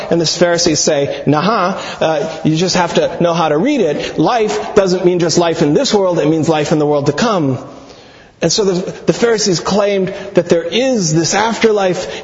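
A man preaching a sermon, teaching deliberately, quoting scripture and slowing down on key words. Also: high-pitched. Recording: echoey hall, dull sound.

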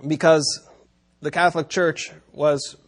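A man delivers a sermon as a long story, his voice sitting a touch higher than most men's. He drops wry asides and small chuckles as he narrates. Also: little pitch movement, unhurried. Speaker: preacher.

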